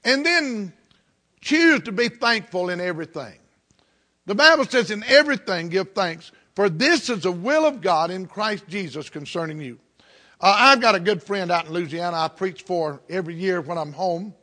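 A man's voice: high voice, animated, moderate pace, sharp tone. A middle-aged man from the Southern United States, preaching a sermon in a folksy storytelling way with country turns of phrase.

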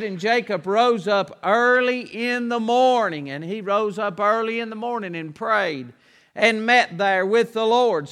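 A man preaching a sermon, reading scripture aloud and slowing down, louder, on the verses. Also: high-pitched, big-room sound.

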